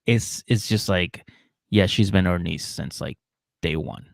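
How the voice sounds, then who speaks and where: Gravelly man, casual podcast recap. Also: low-pitched, measured pace, dry recording, clean studio sound. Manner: rambling, repeats words, acts out scenes. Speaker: podcast co-host. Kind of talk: casual chat recapping a reality show.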